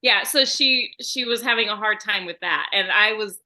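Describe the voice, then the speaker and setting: Bright, bubbly woman hosting a podcast. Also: medium pitch, moderate pace. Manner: bubbly, laughing, rambling restarts. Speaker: podcast host. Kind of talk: casual chat.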